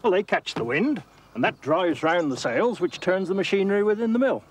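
Brisk friendly man explaining. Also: sits high, animated, slightly rough. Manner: helpful, explaining. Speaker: miller.

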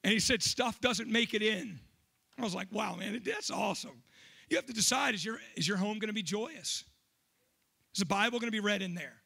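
A man preaching a sermon as pastor, telling stories with animated, emphatic delivery. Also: high-pitched, a little fast, vocal fry, slightly rough.

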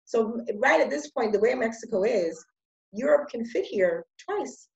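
A woman's voice: a little high, expressive, measured pace, roomy sound, dull audio. A woman hosting a conversational interview, chatting, affirming and explaining. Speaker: host.

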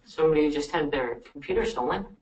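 Woman playing an offhand, dismissive cop, sketch comedy; lower voice, distant echoey playback. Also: animated, fast, lo-fi sound. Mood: flippant. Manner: flippant, offhand. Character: flippant dismissive female police officer. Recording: roomy, distant video playback with faint noise.

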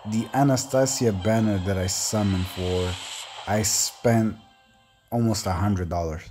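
A man doing casual commentary over gameplay as a gaming YouTuber, excitable and rambling, often stammering and restarting. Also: on the low side, unhurried, over music.

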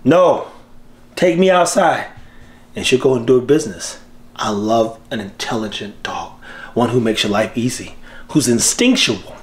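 A man hosting his own channel, talking casually to the camera about breeding dogs in an animated, slangy way with frequent laughs. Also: fairly low pitch, moderate pace. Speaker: dog breeder and channel host.

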